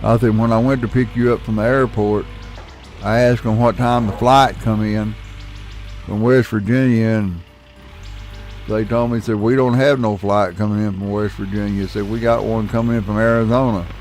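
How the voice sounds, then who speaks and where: A middle-aged gaming channel host, his voice on the low side and a little mellow, speaks at a moderate pace with fairly even intonation over soft background music. While playing a game, he tells a rambling, folksy story with casual swearing.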